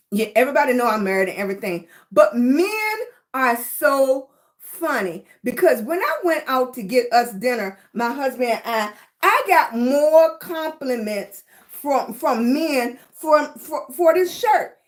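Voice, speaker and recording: A woman's voice: sits high, expressive, unhurried. A middle-aged woman chatting casually with her livestream viewers, short of breath, laughing often and greeting people by name. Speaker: livestream host.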